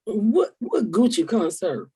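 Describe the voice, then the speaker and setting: An older woman hosting a comedy podcast, loud and profane as she vents in heated, casual storytelling. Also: mid-range voice, sing-song, takes it slowly, husky. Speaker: host.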